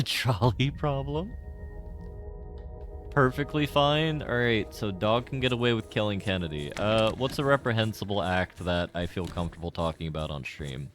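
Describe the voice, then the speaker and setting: A man's voice: fairly low pitch, a bit bright. A man streaming a game, rambling and joking with his chat in casual commentary. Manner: rambling, jokey, talks to chat.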